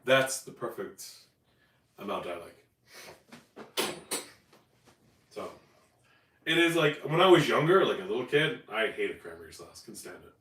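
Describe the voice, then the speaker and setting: A man's voice: mid-range voice, very animated, unhurried, long pauses, fairly bright tone, echoey room, far from the mic, slight background noise, rough recording. A man from Newfoundland hosting a casual live cooking stream, talking in a rambling, chatty way and correcting himself as he goes. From Newfoundland, Canada. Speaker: cooking show host. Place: home kitchen.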